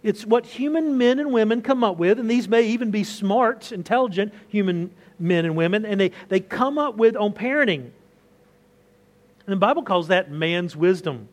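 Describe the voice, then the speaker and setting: Pastor, thirties, male, fairly high voice, easy conversational sermon delivery with rhetorical questions. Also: expressive, moderate pace.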